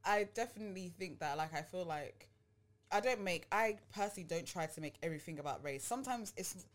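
A young woman podcast host in casual conversation, her voice sitting a little low. She rambles and restarts often, circling her point in an easy, chatty way. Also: lively intonation, a little fast. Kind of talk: casual chat.

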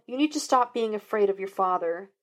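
A woman's voice: mid-range voice, animated, fairly quick, natural voice. A prim young man with a dry wit, as a woman reader puts him on. He speaks evenly and a little indignantly, close to the reader's own voice.

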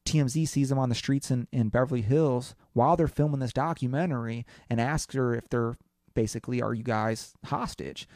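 A man co-hosting a casual talk show, telling a story with lively acted-out quotes and casual swearing. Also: mid-range voice, brisk, no echo, studio quality. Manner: animated storytelling, acts out quotes, swears, says bro. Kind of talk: casual chat.

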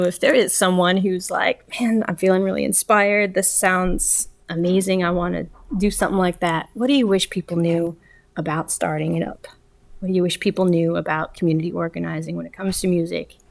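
A woman interviewer at a middle pitch with a gravelly, fry-tinged voice. She hosts a casual talk, chimes in supportively and asks open questions. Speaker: interviewer, podcast host.

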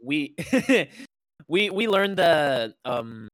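A man's voice: on the high side, very animated, extremely slow, a bit bright, no room sound, clean studio sound. A man from Puerto Rico co-hosting a podcast, telling anecdotes in a rambling, filler-heavy way. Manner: rambling, many fillers and restarts. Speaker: podcast co-host. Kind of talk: casual chat, storytelling.

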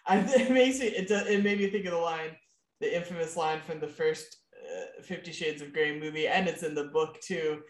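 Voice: medium pitch, moderate pace, reverberant. A podcast co-host in casual chat, recapping scenes with playful quoted lines. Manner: chatty, recaps scenes with acted-out quotes and laughs.

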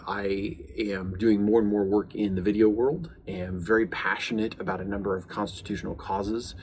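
A man's voice: on the low side, slight background noise. A man in his forties, a podcast host and police chaplain, talking earnestly in a rambling casual monologue full of uhs and restarts.

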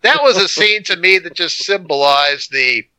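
Man, animated storyteller, casual movie chat, dry close sound. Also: high voice, normal speed, no echo, rough recording. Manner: animated storyteller, acts out scenes. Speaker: podcast co-host.

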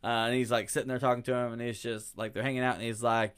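Man, podcast co-host, smooth resonant voice, casual movie recap, animated quoting, swearing. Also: mid-range voice, fast. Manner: animated retelling with acted quotes, frequent profanity.

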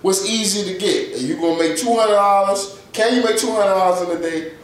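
A high-voiced man fires off blunt, crude remarks at a rapid clip. The room around him is very echoey, with a faint noise underneath. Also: distant mic. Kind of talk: casual chat.

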